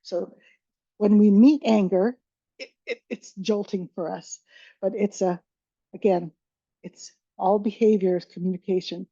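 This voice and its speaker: Woman, caregiver workshop presenter, conversational, mellow tone, dull dry recording. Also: medium pitch, fairly even intonation, measured pace, no room sound. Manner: conversational, with frequent restarts and acted-out examples. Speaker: dementia care presenter.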